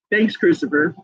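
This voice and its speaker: A woman's voice: fairly low pitch, lo-fi sound, slight background noise. Chatty laughing woman on a livestream. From United States. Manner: chatty, laughs often, reads chat comments aloud. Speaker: livestream host. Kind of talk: casual livestream chat.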